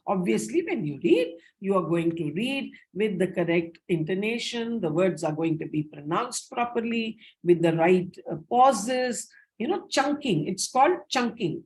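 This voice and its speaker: Animated woman training teachers. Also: medium pitch, low-quality recording. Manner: animated, frequent "okay?" check-ins, emphatic repetition. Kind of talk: lecture to teachers.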